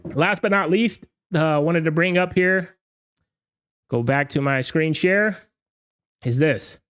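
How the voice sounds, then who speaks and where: A man with a fairly high voice rants to his viewers as a DJ show host. He talks casually and emphatically, often tagging "okay?" and "all right?" onto his points. His voice has gone a little hoarse from talking all night. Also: slow pace, fairly bright tone. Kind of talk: casual livestream rant.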